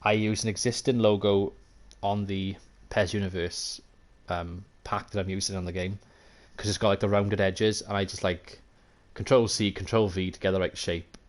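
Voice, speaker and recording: Low-voiced Welsh man streaming a game. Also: fairly even intonation, moderate pace, few pauses. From Wales. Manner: thinks aloud, chatty, self-mocking, answers chat. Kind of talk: live gameplay commentary.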